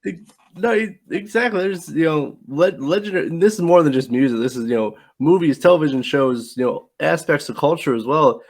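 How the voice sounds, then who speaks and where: A man's voice: on the high side, brisk. A man hosting a podcast, chatting eagerly with a guest and filling his talk with "you know". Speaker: podcast host. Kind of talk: casual interview chat.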